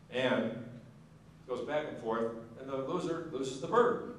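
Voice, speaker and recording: A man's voice: medium pitch, slow pace, a little hiss or hum. Man, after-dinner storyteller, folksy, does the characters' voices; heard from far off in a big echoing hall. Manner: folksy joke-telling, acts out characters. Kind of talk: storytelling speech. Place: large banquet hall.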